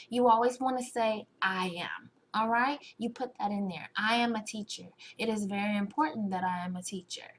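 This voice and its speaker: Woman motivational speaker, fairly high husky voice, emphatic, repeats lines, keeps asking "okay?". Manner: emphatic, repeats phrases, frequent "okay?" check-ins. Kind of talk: motivational webinar talk.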